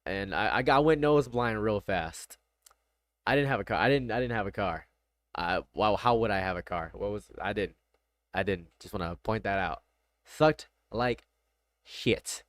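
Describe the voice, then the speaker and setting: A man's voice: fairly low pitch, normal speed, no echo, studio quality. A man streaming casual reaction commentary, blunt and rambling, often repeating himself.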